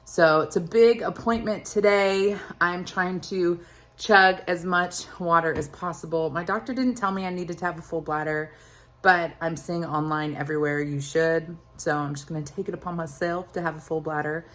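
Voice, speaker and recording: Young woman, vlogger, candid chatty talk, slightly low voice, loose rambling delivery. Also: fairly even intonation, moderate pace, fairly bright tone. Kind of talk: casual chat.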